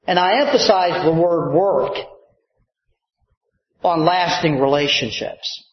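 A man's voice: a little high, measured pace, echoey room, dull audio. A man preaching a sermon as a pastor, stretching out key words and calling for amens. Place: church sanctuary.

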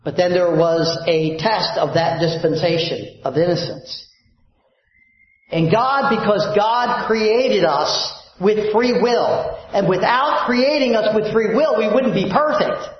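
Male pastor, fairly high voice, preaching and quizzing the room; heavy reverb, muffled lo-fi capture. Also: takes it slowly. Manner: asks the congregation fill-in questions. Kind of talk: sermon. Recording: very echoey, dull lo-fi sound.

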